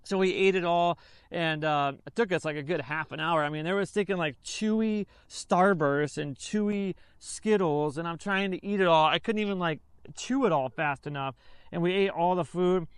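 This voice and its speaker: High-voiced man telling a rambling story. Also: normal speed, clean tone, dry recording. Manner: rambling, filler-heavy, self-correcting. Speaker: army veteran vlogger. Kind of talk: casual storytelling.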